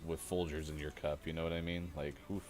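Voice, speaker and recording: A man co-hosting a gaming morning show, talking in a relaxed, wry way that often trails off. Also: very deep voice, a little fast, a little hiss or hum. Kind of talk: casual morning show banter.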